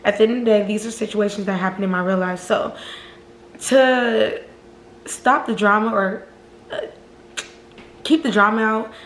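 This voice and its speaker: A woman vlogger telling a storytime in casual chat, animated and profane, often calling out to her viewers. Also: mid-range voice, moderate pace, pauses often, a little hiss or hum. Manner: animated, profane, keeps addressing viewers as "y'all". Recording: roomy echo.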